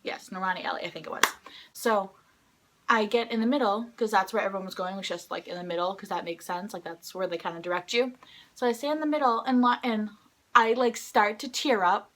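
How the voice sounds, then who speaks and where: A young woman vlogger telling an excited, rambling story to the camera, filling it with "like" and acting out quotes. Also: fairly quick. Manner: excited, rambling, heavy use of "like"; acts out quoted lines in a higher voice. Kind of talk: casual storytelling vlog.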